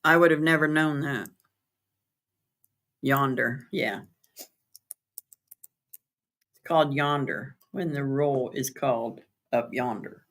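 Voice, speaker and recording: A woman's voice: rumbling low, fairly even intonation, measured pace, fairly bright tone. Lady chatting on her friday night stream, laughs a lot, reads out viewer comments and spells words out. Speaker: livestream host. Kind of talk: casual live chat with viewers. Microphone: streaming setup.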